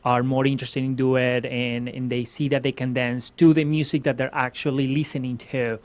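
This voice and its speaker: A man's voice: medium pitch, little pitch movement, a little fast. A man from Venezuela, a ballroom dance instructor answering interview questions earnestly, explaining step by step with many restarts. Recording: slightly muffled lo-fi sound.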